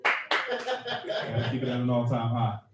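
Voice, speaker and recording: A man's voice: medium pitch, very animated, unhurried, heavy background noise. A man doing a loose, profane live stand-up set and laughing at his own jokes. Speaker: stand-up comedian. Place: comedy club stage. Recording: roomy club sound from far off.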